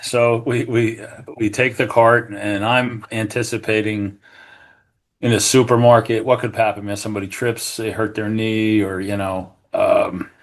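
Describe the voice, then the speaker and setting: A middle-aged man from New Jersey, a retired fire captain, telling a story as a podcast guest in an earnest, animated way, acting out what people said. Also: fairly low pitch, a little slow. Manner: earnest, animated, acts out quoted remarks, many restarts. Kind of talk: conversational storytelling.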